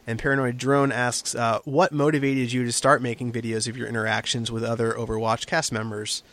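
A man hosting an interview, relaxed and enthusiastic, reading out fan questions and chatting. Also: mid-range voice, a little fast. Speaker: interview host. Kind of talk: casual interview chat.

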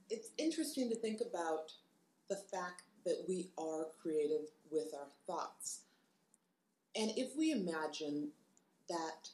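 A woman co-hosting a podcast, speaking in a calm, reflective way. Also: lowish voice. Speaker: podcast co-host. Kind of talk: casual podcast chat. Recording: echoey room.

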